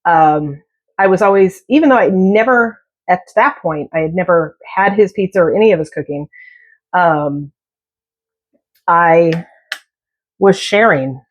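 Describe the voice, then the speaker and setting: A middle-aged woman chats while she cooks, drifting from one story to the next with jokey asides. Her voice sits fairly low for a woman. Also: unhurried, pauses often, highs cut off. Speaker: cooking vlogger. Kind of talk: casual chat while cooking.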